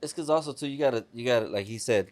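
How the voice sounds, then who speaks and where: A man's voice: medium pitch, rapid-fire, darkish tone. A man, hosting a podcast and telling stories in a casual, profane way.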